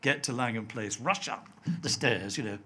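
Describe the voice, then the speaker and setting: An older man from Scotland with a softened Scottish accent, a TV writer telling anecdotes as an interview guest and acting out the voices of people he quotes. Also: medium pitch, normal speed, slightly rough. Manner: chatty storyteller, acts out quoted voices, laughs often.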